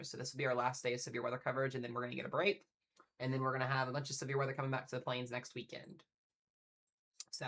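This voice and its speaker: A man streaming live severe weather coverage from home, chatting excitedly and talking straight to his viewers. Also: medium pitch. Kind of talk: casual live weather commentary.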